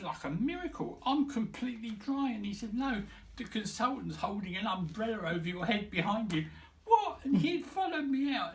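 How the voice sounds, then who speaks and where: A man's voice: fairly high pitch, vocal fry, recorded from a distance. Older man, hobby vlogger, rambling storyteller, mic set back, faint hiss. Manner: rambling and animated, with whispered asides and laughing. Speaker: vintage sewing machine presenter. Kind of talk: casual storytelling and demonstration.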